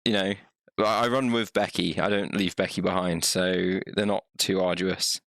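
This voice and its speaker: A man co-hosting a casual chat, giving short, relaxed, easygoing replies. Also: sits low, normal speed, vocal fry, dry recording, studio quality. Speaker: podcast co-host.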